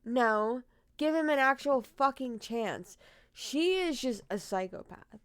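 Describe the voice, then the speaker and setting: A woman's voice: high-pitched, expressive, slow, clear, resonant tone, dry recording. A young woman retelling a true crime case, emotional and outspoken, swearing freely as she reacts.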